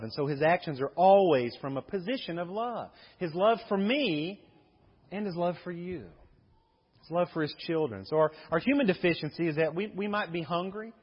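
A man's voice: on the high side, breathy edge. A male pastor preaching a sermon earnestly, asking rhetorical questions and repeating key phrases. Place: church sanctuary. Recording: muffled sermon audio with long hall reverb.

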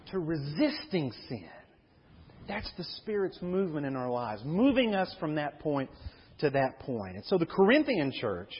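A pastor's sermon recorded in a church sanctuary, his voice high and husky. He preaches with lively swings of pitch and acts out the voices of Bible figures. The sound is dull and lo-fi, with a long reverb from the hall.

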